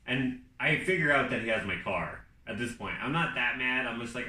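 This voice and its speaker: A man co-hosting a casual talk show, telling his side of a story in a relaxed, chatty way and adding background detail. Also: mid-range voice, a little fast, reverberant, distant mic, rough recording. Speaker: co-host.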